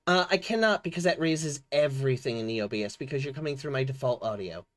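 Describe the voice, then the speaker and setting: A man's voice: mid-range voice, fast talker. A man streaming a game live, chatting casually and fumbling with his audio settings. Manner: chatty, fumbling with settings, lively ups and downs. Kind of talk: casual live-stream chat while gaming.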